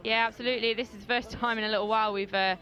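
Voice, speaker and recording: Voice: mid-range voice, flat delivery, rapid-fire, sharp tone, dull audio. A co-commentator and former player giving chatty, hesitant analysis at an outdoor sports ground. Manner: chatty, hesitant with fillers, laughs easily.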